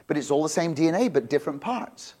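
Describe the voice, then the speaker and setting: A man's voice: on the high side, expressive, fast, darkish tone. A man giving an informal, jokey sermon, rambling with many restarts. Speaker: visiting preacher.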